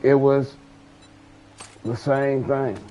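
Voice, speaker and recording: Drawing out his words with little rise or fall, this medium-pitched gaming host delivers a relaxed, slangy monologue about his faith and a breakup in the manner of a testimony. Soft music plays underneath, and his streaming mic gives a dull, lo-fi quality.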